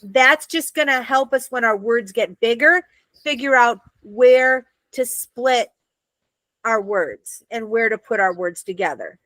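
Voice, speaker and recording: A woman's voice: fairly high pitch, a little slow, fairly bright tone, no room sound. An American woman teaching a Hebrew reading class, patiently checking that her students follow. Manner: patient, checks understanding often.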